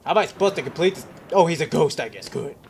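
Jokey young man with a lively voice. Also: on the high side, quick pace, a little hiss or hum. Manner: jokey, rambling self-talk. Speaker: gaming commentator. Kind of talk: let's play commentary.

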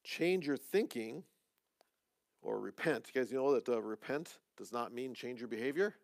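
A man teaching a conversational sermon as pastor in a church, with joking asides and quick restarts. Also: mid-range voice, expressive, creaky, no room sound.

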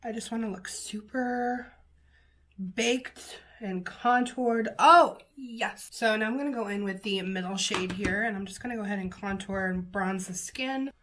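Woman, beauty vlogger, sniffly nose, gushing, casual makeup chat, mid-pitched voice. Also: normal speed. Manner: gushing, chatty, lots of fillers and exclamations.

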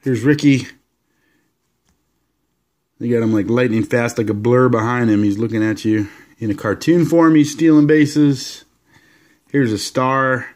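A man casually showing off his collection of sports cards, rambling along with relaxed, enthusiastic asides. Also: mid-range voice, a little slow, pauses often. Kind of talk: casual card-showing vlog.

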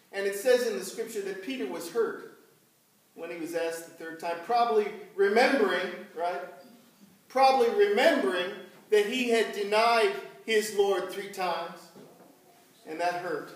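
Slow-talking pastor in a roomy church. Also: male voice, high-pitched. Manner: slow, unhurried storytelling with questions to the congregation. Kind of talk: sermon. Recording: echoey church from far off.

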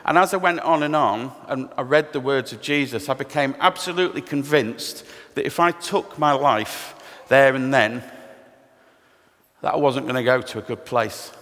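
A middle-aged Englishman shares his personal testimony at church, candid and self-deprecating with touches of humor. His voice is medium in pitch and fairly bright, at a moderate pace. The church hall adds long reverb to the recording.

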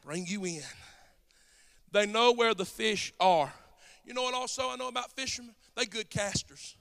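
A man with a Southern accent from South Georgia preaching a sermon as pastor, folksy and conversational, building up to shouted passages. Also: high voice, moderate pace, vocal fry, smooth.

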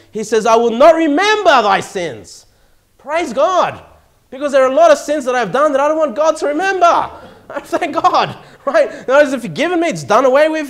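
An Australian man preaching a sermon in church, his pitch sitting a little high and swooping all over the place. He jumps from loud emphatic lines to near-hushed asides and chuckles as he goes. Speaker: pastor.

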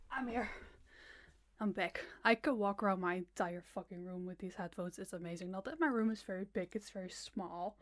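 A young woman who voices audio dramas, chatting playfully in her small bedroom before recording, giggling and sometimes dropping to a whisper. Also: medium pitch. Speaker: audio voice actor. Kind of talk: casual pre-recording chatter.

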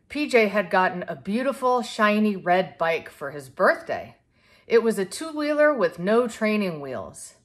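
A woman reading a children's picture book aloud to a young child in a clear, expressive way. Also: mid-range voice. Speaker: storybook reader.

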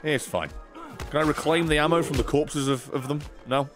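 A man streaming a violent game, giving sarcastic, sweary commentary that swings between low mutters and sudden shouts. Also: fairly even intonation, moderate pace. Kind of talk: comedic gameplay commentary. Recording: game music behind voice.

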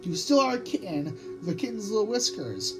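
A woman reading the part of a big male rat gang leader who speaks quietly and menacingly, with music playing behind. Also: medium pitch, very animated, brisk, pitched above the performer's own voice, natural voice, low-quality recording. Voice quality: snarling, hissing. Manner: quiet and threatening.

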